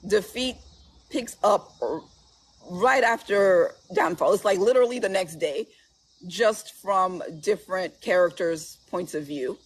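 Woman author guest, husky tone, chatty and quick to laugh, casual interview talk. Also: mid-range voice. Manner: chatty, laughs often while telling stories. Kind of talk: casual chat.

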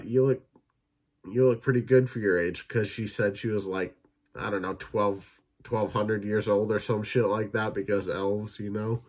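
A young man hosting a casual solo podcast, rambling and swearing as he retells movie scenes in quick impressions. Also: lowish voice, a little mellow. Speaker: podcast host reviewing films.

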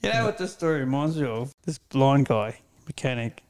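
A man's voice: mid-range voice, expressive, a little fast, darkish tone. An Australian man chatting casually with mates, emphatic and incredulous. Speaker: podcast co-host. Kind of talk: casual chat.

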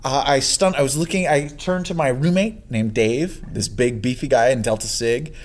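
A man hosting a casual chat, telling a story with animated energy and frequent laughter. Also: medium pitch, normal speed. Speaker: podcast host.

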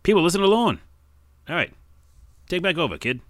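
A man voicing a pushy, fast-talking tough guy in the style of a 1920s to 1940s character, as a comic bit on his podcast. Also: sits high, sing-song, no room sound, studio quality, voice pushed up. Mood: bossy. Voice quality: brash, bossy, fast-talking.

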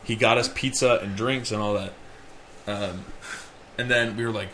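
A man's voice: on the low side, fairly even intonation, normal speed, bright, forceful tone, a little hiss or hum. A young man co-hosting a podcast, telling a long rambling story in casual chat. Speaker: podcast co-host.

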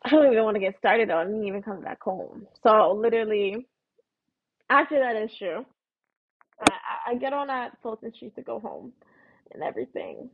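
A woman rants into a close mic, her voice husky and a little high. She tells her story bluntly and swears freely, and the dry, dull recording has a lo-fi feel. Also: moderate pace. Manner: profane, blunt, storytelling rant. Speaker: podcast host. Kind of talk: casual ranting monologue.

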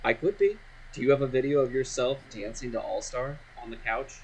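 A man with a middle-pitched voice co-hosts a casual podcast. He rambles, trails off mid-thought and leans on fillers. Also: a little fast, a little hiss or hum, rough recording. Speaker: podcast co-host. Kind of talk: casual chat.

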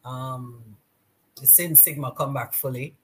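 A woman's voice: very deep voice, takes it slowly, slight background noise. A middle-aged woman, telling stories as a podcast guest and acting out the dialogue. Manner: lively storyteller, acts out quoted dialogue. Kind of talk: casual interview chat.

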